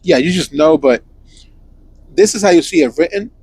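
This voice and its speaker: Young man, podcast co-host, teasing, laughing, higher voice, dry close sound. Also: lively intonation, normal speed, a little mellow, breathy edge, no room sound. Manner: laughs often, explains in a joking teasing way. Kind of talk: casual chat.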